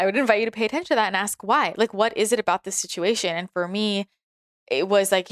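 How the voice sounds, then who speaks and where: A young woman musing aloud in a relaxed monologue, chatty and full of little laughs and restarts. Her voice sits at an ordinary middle pitch. It is recorded dry and close, with no room sound. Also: no room sound. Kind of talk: casual reflective monologue.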